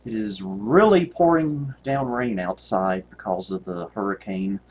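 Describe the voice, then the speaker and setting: A man's voice: lowish voice, lively intonation, a little slow, slight background noise. A man, rambling and joking at himself with many ums while commenting on gameplay. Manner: rambling, self-mocking, many ums and laughs. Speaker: retro computer video host.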